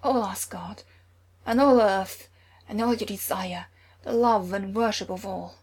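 A woman voicing a dying, proud young prince who speaks in weak, hushed whispers with cold formality. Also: medium pitch, unhurried, husky. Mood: bitter. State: gravely wounded, short of breath.

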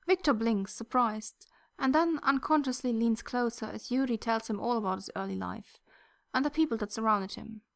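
Gentle woman reading a story aloud. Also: on the high side, normal speed, gravelly. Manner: soft, gentle storytelling, dropping to near-whispers. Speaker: narrator. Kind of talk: audiobook reading of fan fiction.

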